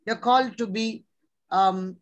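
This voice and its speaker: A woman's voice: a little high, a little slow, highs cut off. A middle-aged woman preaching a sermon, earnest and exhorting, with many rhetorical questions. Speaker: preacher, religious sister.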